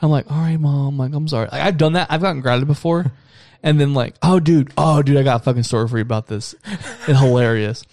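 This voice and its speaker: A man's voice: mid-range voice, fast talker, a little mellow, no echo, clean studio sound. A young man telling stories in casual chat, swearing and acting out quotes. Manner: swearing, storytelling with acted-out quotes.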